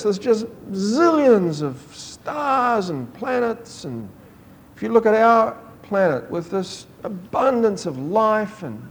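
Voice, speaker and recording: Animated preacher man. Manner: animated storytelling, acting out quoted voices with rising pitch. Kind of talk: sermon.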